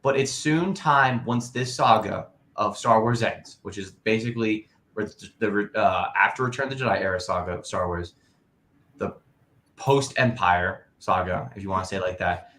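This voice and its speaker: A man's voice: fairly low pitch, normal speed, a bit bright, roomy sound. A man co-hosting a casual online talk show, rambling through his opinions with many "you know"s. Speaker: podcast co-host. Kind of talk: casual chat.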